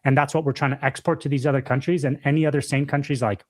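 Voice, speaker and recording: A man's voice: medium pitch, level tone, fast. A young man co-hosting a podcast in casual chat, talking emphatically, repeating himself and calling his friend dude and bro. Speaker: podcast co-host.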